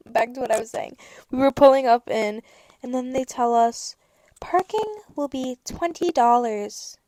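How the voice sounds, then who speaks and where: A young woman hosts a casual podcast, telling stories with sarcastic rants and quick acted-out dialogue. Her voice sits high with plenty of gravelly fry. The sound is dry and close, with no room around it. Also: no echo. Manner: animated storytelling, sarcastic rants, acts out dialogue. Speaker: podcast host. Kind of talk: casual chat.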